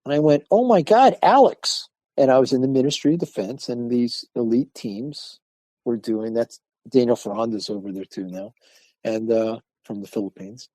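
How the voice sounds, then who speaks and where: An older man, a martial arts instructor, telling lively stories in a podcast interview and acting out the people he quotes. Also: mid-range voice, moderate pace, no echo. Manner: animated storyteller acting out quoted voices.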